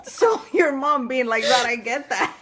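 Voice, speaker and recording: A woman's voice: high-pitched, expressive, unhurried, a loud crowd. A woman co-hosting a casual chat, talking easily and laughing often between stories. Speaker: co-host.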